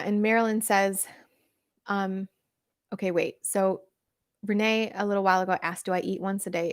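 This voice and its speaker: A woman's voice: mid-range voice, no room sound, studio quality. Chatty woman coach answering livestream questions. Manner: chatty and animated, laughs often, many fillers. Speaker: weight-loss coach. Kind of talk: livestream Q&A, reading viewer comments.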